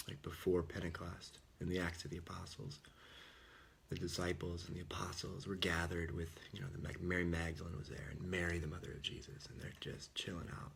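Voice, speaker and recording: A man with a very low, gravelly voice preaches in an earnest, informal way. He often sinks to a near whisper for emphasis. Faint hiss sits behind him. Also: flat delivery, a little fast, fairly bright tone. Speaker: Catholic speaker. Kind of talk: casual sermon.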